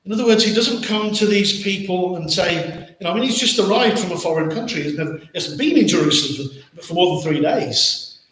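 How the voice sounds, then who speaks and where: A man's voice: high-pitched, expressive, fairly quick, fairly bright tone. A man with an English accent preaching a sermon as pastor, earnest, with many rhetorical questions and repeated words. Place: church hall. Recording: very echoey church hall.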